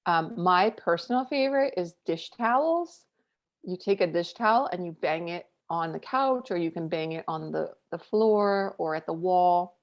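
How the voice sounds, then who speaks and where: A woman in her thirties, a podcast co-host, telling a family story in casual chat, candid and animated with lots of fillers. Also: lowish voice, normal speed. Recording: dull lo-fi audio.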